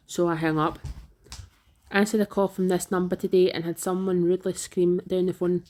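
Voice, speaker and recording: A woman reading out online comments in a flat, even delivery. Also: fairly low pitch, moderate pace.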